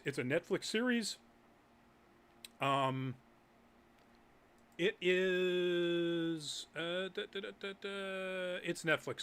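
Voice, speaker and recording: A man's voice: a little high, a bit bright. A man hosting a live nerd news show, chatting casually with many ums and uhs as he reads news and viewer comments. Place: Massachusetts.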